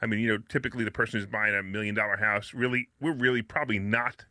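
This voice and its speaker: A man co-hosting a live radio show, telling stories in a casual, animated way and laughing often. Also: lowish voice, fast, dry recording. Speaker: radio show co-host and broker.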